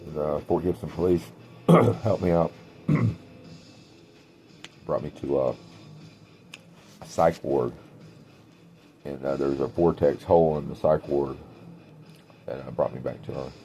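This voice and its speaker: Man, extremely deep gravelly voice, loose rambling monologue full of pauses and trailing thoughts. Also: fairly even intonation, dark tone, soft background music. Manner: meandering, trailing off, frequent "uh" pauses. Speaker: self-described clairvoyant.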